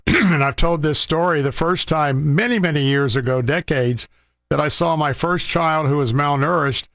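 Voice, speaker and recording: Male faith-show host, earnest and rambling, slightly high voice, dry studio sound. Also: gravelly, fairly bright tone, no echo. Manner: heartfelt, rambling with restarts and fillers. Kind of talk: earnest fundraising appeal.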